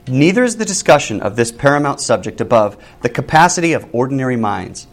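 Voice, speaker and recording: A man's voice: medium pitch, animated, a little fast, hardly any pauses. A man leading a church class, joking with the group and reading a text aloud, then commenting on it. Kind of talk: casual Bible class talk with reading aloud.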